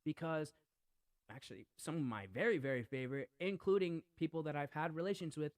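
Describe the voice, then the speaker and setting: A man rambles through casual podcast talk, stressing words and repeating himself in an earnest, brooding way. His voice sits somewhat high for a man. The room sound is dry and close. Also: brisk, no echo. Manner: rambling, emphatic, repeats "literally".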